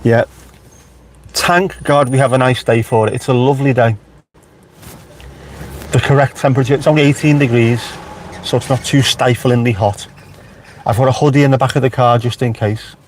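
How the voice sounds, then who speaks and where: A man's voice: medium pitch, steady tone, moderate pace, long pauses, a little hiss or hum. A man with a Liverpool accent, chatting casually on a live stream from inside his car with wry asides to viewers. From Merseyside, England. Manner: chatty, wry, talks back to live chat.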